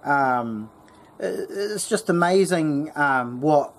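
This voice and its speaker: A bushcraft channel host with a New Zealand accent tells a story and gives a casual how-to talk. His voice is on the high side, expressive and slow, and he rambles chattily with lots of fillers and restarts.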